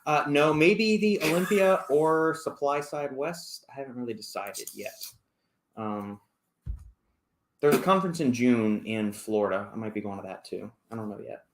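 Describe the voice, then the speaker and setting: A man hosting a casual chat show, talking quickly and plainly, explaining products with some teasing. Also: mid-range voice, a little hiss or hum. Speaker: podcast host. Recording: echoey room.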